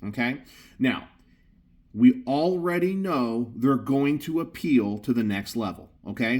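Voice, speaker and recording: A man's voice: mid-range voice, a little mellow. A middle-aged man hosting a gun channel, talking casually and emphatically, often tacking on "okay?". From Texas. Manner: emphatic, keeps saying "okay?". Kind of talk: casual commentary.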